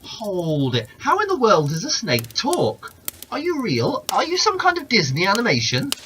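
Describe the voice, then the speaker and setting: A frightened desert wanderer stutters out his words in a dry croak, as a man reads him aloud in a storybook. His voice jumps high and uneven, dizzy and worn thin from days without water. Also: huge pitch swings, moderate pace, fairly bright tone, a little hiss or hum, full character voice. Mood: bewildered. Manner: stammering, croaking and pleading. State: dizzy and weak from thirst.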